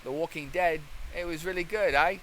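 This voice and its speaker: Guy imitating a chirpy english actor in an interview, voice bumped up higher, sing-song and upbeat. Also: a little fast, pushed and bright, a little hiss or hum, rough recording.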